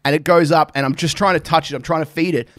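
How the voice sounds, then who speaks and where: A man's voice: fairly high pitch, steady tone, fast, fairly bright tone, no room sound, studio quality. A young man, co-hosting a podcast and telling stories in a casual, sweary way, often laughing. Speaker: podcast co-host. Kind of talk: casual chat.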